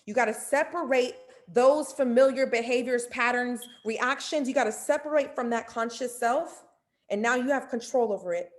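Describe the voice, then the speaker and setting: A woman's voice: fairly high pitch, moderate pace. A woman giving a casual, playful motivational mentorship talk, speaking directly to her listeners. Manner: animated and playful, acting out inner dialogue.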